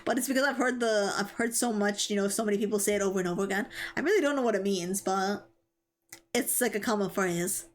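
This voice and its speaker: A woman's voice: medium pitch, quick pace. A young woman streaming live, chatting casually and giggling as she reads chat and stumbles over tricky words.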